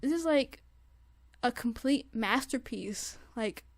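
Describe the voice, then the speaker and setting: A young woman with a high voice reviews music in a casual, gushing way. She repeats herself, stacks up fillers and restarts, and keeps circling back to how amazed she is. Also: animated, takes it slowly. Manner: gushing, repetitive, lots of "like" and restarts.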